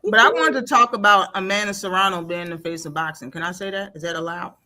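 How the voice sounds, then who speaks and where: A woman hosting a casual live talk stream, blunt and animated, laughing often. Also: lowish voice, fast. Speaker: stream host. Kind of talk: casual chat.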